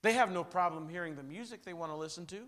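A middle-aged man from southern Indiana preaching a sermon, swinging from hushed, slow words to loud emphatic ones. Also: high-pitched, in a large hall. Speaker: pastor.

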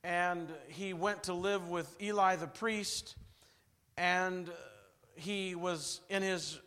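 A man preaching a revival sermon, telling stories dramatically and swinging from loud bursts to hushed lines. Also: high voice, steady tone, slow.

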